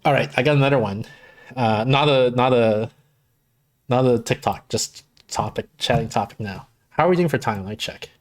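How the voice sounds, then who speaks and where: A man's voice: mid-range voice, moderate pace. A man hosting a live stream in casual chat, thinking aloud with many false starts. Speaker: streamer host.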